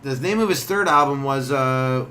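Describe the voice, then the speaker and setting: A man's voice: mid-range voice, moderate pace, pushed and bright, a little hiss or hum. A young man co-hosting a comedy history show, rambling casually, laughing often and slipping into silly voices. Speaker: comedy podcast co-host.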